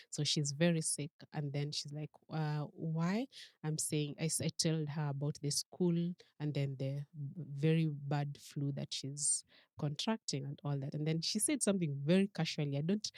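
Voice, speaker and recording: A Kenyan woman, a podcast guest, telling a personal story with lively acted-out quotes. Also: low voice, dry recording. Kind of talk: storytelling interview.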